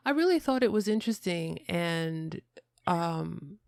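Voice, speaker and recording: A woman's voice: on the low side, lively intonation, a little slow, vocal fry, dry recording, studio quality. A woman hosting a podcast interview, talking in a reflective, chatty way with lots of fillers. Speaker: podcast host.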